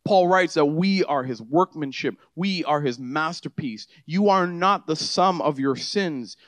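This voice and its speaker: A man delivers a sermon in a conversational style, talking to his listeners rather than at them. His voice sits a little high for a man, and it builds toward emphatic declarations. The sound is close and dry, with no room echo. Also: a little slow. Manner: conversational preaching, rising to emphatic near the end. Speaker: pastor.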